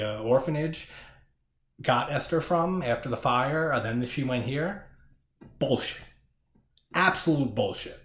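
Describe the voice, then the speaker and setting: A man's voice: mid-range voice, reverberant. A man giving a casual horror movie review who laughs often, swears casually and rambles.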